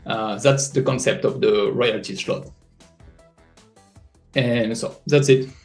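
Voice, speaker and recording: A man with a French accent explaining a project in a live audio chat, halting with many fillers and restarts. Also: mid-range voice, darkish tone, faint music behind. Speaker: NFT project creator.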